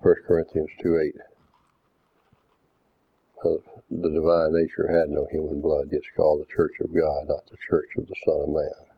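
A man preaching a doctrinal sermon, deliberate and didactic, reading scripture verses aloud. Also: extremely low pitch, completely flat delivery, gravelly, breathy edge. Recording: tinny phone-like dry sound.

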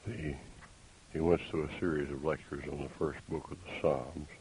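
A man preaching a sermon, deliberate and emphatic, with pointed rhetorical questions. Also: a bass voice, fairly even intonation, a little mellow, poor audio. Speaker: pastor. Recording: faint hiss.

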